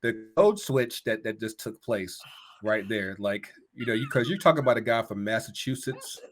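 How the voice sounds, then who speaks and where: A man's voice: fairly low pitch, moderate pace, a little hiss or hum. Stammering, laughing podcast host man. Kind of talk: casual chat.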